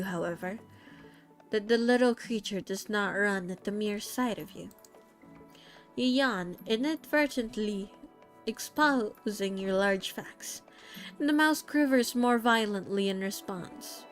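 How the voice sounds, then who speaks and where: A young woman gently reading a second-person story as a VTuber storyteller, soft and slightly halting. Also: mid-range voice. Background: soft background music.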